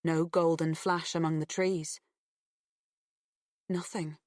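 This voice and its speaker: Brief: woman audiobook narrator, low and slow, lively intonation, bright dry studio sound. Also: no echo. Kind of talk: scripted narration.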